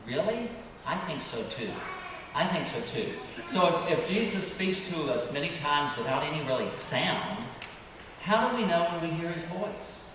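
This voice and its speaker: Priest questioning children in an echoing church. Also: male voice, on the high side, very animated, normal speed. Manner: asks children questions and waits for their answers; gentle and questioning. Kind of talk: children's sermon. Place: church sanctuary. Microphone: distant room mic. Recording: echoey church hall, distant mic, background noise.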